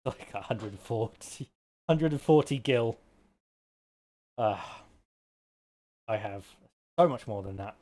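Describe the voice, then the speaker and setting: A man's voice: lowish voice, animated, slow pace, long pauses, darkish tone. A man giving live commentary on his own gameplay, chatty and jokey, talking to himself as he plays. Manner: chatty and jokey, talks to himself while playing. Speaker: streamer.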